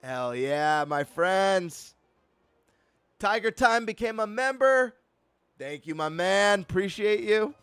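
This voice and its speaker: Hyped high-voiced male streamer. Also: takes it slowly, clear, resonant tone, dry recording, faint music behind. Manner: excitable, hyped, greeting viewers. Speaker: live streamer host. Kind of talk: casual live-stream chat.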